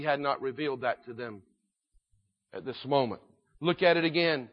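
A man preaching a sermon in an earnest, emphatic way, slowing down and swelling in volume to drive points home. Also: medium pitch, dull audio.

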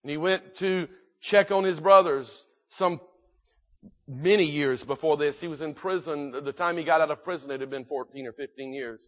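Preacher guy giving a sermon, bit high pitched, earnest and emphatic, sounds muffled and lo-fi. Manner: earnest, slow and emphatic, with swells in volume.

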